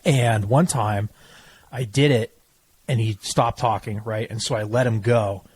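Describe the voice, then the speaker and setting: A young man co-hosting a podcast, telling stories in a casual, profane, animated way. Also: lowish voice, measured pace, husky, rough recording. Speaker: podcast co-host. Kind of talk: casual chat.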